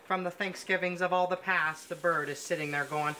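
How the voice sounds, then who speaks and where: A man's voice: sits high, fairly even intonation, brisk, few pauses, sharp tone. A man hosting a mock cooking show, gushing pompously over every dish as he works in a home kitchen. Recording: noisy kitchen sound.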